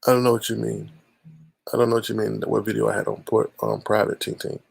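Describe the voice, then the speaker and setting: A man hosting a casual call-in livestream, with a heavily gravelly, husky voice. He talks to callers and his chat by name and tends to repeat his phrases. The sound is dry and close. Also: fairly low pitch, little pitch movement, quick pace, no echo. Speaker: livestream host.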